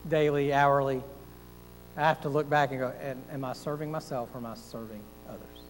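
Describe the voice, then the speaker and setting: A man's voice: mid-range voice, steady tone, fairly quick, a little hiss or hum. Earnest folksy man preaching in a reverberant hall. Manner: earnest, folksy, rhetorical questions, self-deprecating asides. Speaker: pastor. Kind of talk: sermon.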